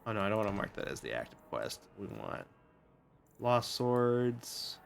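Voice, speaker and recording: A man's voice: fairly low pitch, sing-song, normal speed, vocal fry, soft background music. A male streamer giving casual, rambling commentary over a game, laughing often.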